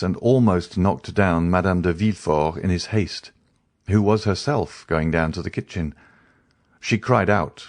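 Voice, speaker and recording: A man narrating an audiobook in a steady, measured reading voice. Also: low-pitched, no room sound, studio quality. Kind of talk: scripted narration.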